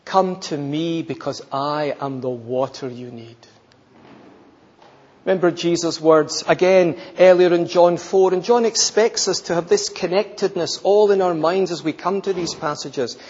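A man preaching a sermon, emphatic and repeating phrases, often dropping to a soft, intense tone. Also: on the high side, husky, long reverb tail, lo-fi sound.

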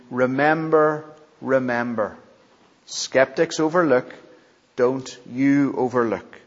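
A male preacher delivers a sermon at a slow, deliberate pace, stressing and repeating key phrases. He often turns to the congregation with questions. His voice rings with the long reverb of a large church, on a dull recording. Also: medium pitch. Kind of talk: expository sermon.

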